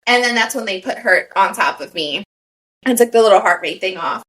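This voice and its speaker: A woman's voice: medium pitch, expressive, fairly quick, fairly bright tone. A young woman with an American accent, co-hosting a podcast, chatting candidly and laughing often. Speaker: podcast co-host. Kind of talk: casual chat.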